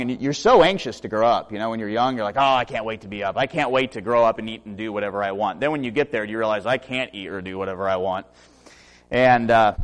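A man in his early thirties, a preacher, delivering a sermon full of self-mocking stories and humor. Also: mid-range voice. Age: 30s.

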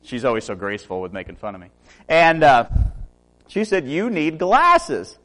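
A man's voice: mid-range voice, big pitch swings, fairly quick. A man in his early thirties, a preacher, delivering a sermon full of self-mocking stories and humor. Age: 30s.

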